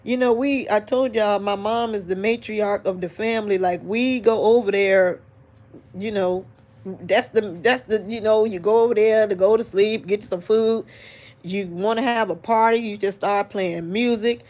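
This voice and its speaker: Woman, grieving, tearful, sighing, halting restarts, talks to viewers as y'all. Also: mid-range voice, a little mellow. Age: adult. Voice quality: emotional, sighing, voice breaking into crying. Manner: rambling, halting restarts, addresses audience as y'all. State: grieving, crying. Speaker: vlogger talking to online viewers. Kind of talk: tearful live-stream monologue.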